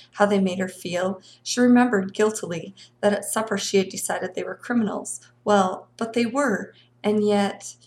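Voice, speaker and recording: A woman reads a novel aloud in an expressive storytelling manner. Her voice sits at a middle pitch and has a gravelly texture. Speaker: reader of a novel.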